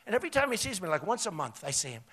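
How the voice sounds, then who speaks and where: A man in his sixties with a New York accent, giving a rambling, repetitive rally speech from a podium microphone, jumping between loud emphasis and quiet asides. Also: high voice, big pitch swings, rapid-fire, slightly rough. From United States. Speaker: political candidate. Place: outdoor resort rally.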